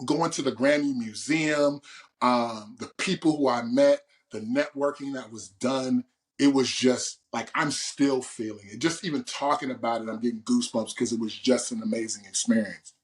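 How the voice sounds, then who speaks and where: A man from Oakland, a guest poet, telling his story in an interview with animated, boisterous energy. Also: mid-range voice, moderate pace. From Oakland, California. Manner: animated, storytelling, boisterous and loud when excited. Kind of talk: interview conversation.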